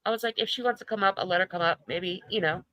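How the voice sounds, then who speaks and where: Bright-voiced chatty woman host. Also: lowish voice, quick pace, no room sound, low-quality recording. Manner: chatty and animated, laughs often, swears casually. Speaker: livestream host. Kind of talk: casual chat.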